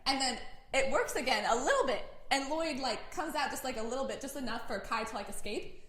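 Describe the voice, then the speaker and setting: A young woman recapping a cartoon to a friend in casual chat, excitable and giggly, swearing casually. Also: high-pitched, fairly quick. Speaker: storyteller to a friend.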